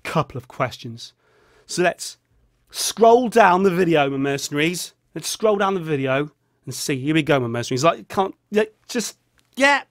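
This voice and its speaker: A man talks in a loose, rambling vlog, joking as he goes while feeling ill. His voice sits fairly high and swings about a lot, and it often sinks into a low mutter on asides. The sound is close and dry. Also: very animated, moderate pace, fairly bright tone, dry recording. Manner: rambling, jokey, drops into a low mutter on a catchphrase. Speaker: vlogger.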